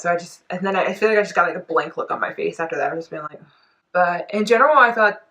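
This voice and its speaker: A young woman chatting casually about a music video, gushing with lots of fillers, giggling and breaking into high excited squeals. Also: rapid-fire. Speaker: K-pop reaction vlogger. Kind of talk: excited reaction commentary.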